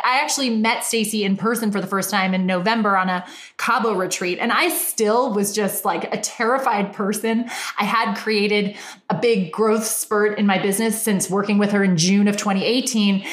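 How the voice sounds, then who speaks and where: A woman's voice: mid-range voice, a bit bright. Valley Girl woman coaching, echoey room. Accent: Californian Valley Girl. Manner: earnest, enthusiastic and self-revealing. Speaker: dating and business coach. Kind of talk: motivational solo talk to viewers.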